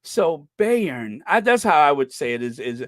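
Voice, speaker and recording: An American man with a fairly high voice hosts a casual livestream. He rambles and restarts as he chats and reads viewer comments aloud. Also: big pitch swings, normal speed, a bit bright. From United States. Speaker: livestream host.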